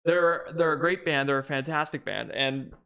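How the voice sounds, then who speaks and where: With a fairly high pitch, vocal fry, and a sharp tone, a young man co-hosts a podcast at normal speed. He chats casually, rambling and restarting his sentences a lot.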